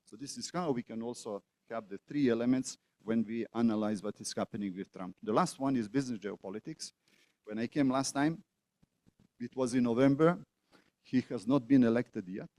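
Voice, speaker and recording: Man, middle-aged, guest lecturer, mellow voice, dry sound, halting with uh pauses. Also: medium pitch, no echo. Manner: deliberate, with frequent "uh" pauses and repetitions. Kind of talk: academic lecture. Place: auditorium.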